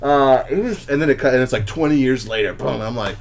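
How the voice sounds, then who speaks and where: A man co-hosting a casual podcast chat, telling stories excitedly with lots of fillers and restarts. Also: mid-range voice, fast talker. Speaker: podcast co-host.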